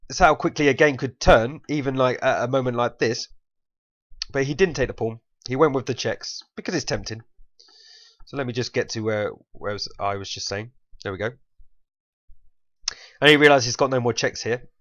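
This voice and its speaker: Man from England, mid-pitched, casual chess commentary, rambling and self-correcting, dull lo-fi sound. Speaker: chess player analysing his own game.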